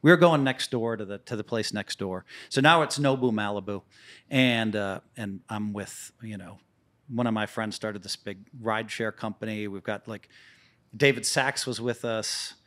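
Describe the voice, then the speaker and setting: A man as a guest on a podcast, telling lively stories in casual, profane talk that stumbles and restarts. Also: lowish voice, moderate pace. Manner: animated, profane, repeats words as he restarts. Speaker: poker player guest. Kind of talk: casual storytelling.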